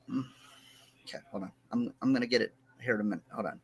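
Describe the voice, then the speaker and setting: A man's voice: medium pitch, fast, slightly rough. A man in a casual online podcast chat who talks in a flustered, stalling way.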